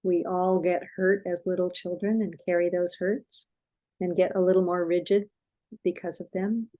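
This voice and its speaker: An older woman speaks with a gentle, soothing calm. Her voice is mellow and warm, and her pitch stays steady and even. She explains without hurry and drops into soft, reassuring tones. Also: normal speed, low-quality recording. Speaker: parenting expert guest. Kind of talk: conversational explaining with a story.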